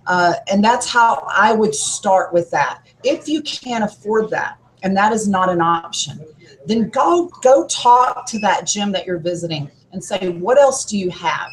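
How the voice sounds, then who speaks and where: A woman's voice: mid-range voice, expressive, unhurried, a little hiss or hum, rough recording. A woman who works as a gym trainer, a podcast guest giving upbeat, coach-like workout advice.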